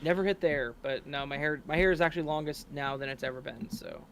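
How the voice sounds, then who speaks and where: Chill guy reading chat questions, kinda high voice, faint hiss behind him. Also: quick pace. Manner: relaxed, reassuring, slangy. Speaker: interviewer reading viewer questions. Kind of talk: casual livestream chat.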